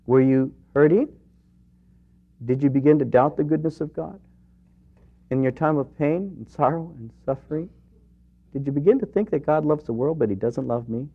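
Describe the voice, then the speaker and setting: A man preaching a sermon in an earnest way, rising to emphatic questions and dropping to quiet, personal moments. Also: fairly high pitch, moderate pace, long pauses, slightly rough. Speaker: pastor. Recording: dull lo-fi recording.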